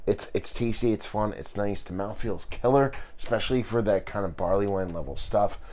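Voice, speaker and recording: A man with a raspy voice, casually reviewing a beer in a laid-back, rambling way, swearing now and then. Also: lowish voice, normal speed, dark tone.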